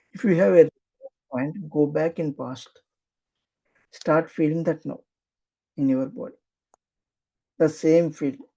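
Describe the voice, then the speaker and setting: A guide leads a guided affirmation meditation in a soothing, repetitive way. The voice is very dark and mellow, with a gravelly fry, and it moves at an unhurried, drawn-out pace. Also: mid-range voice, rough recording. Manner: slow, soothing, repetitive instruction.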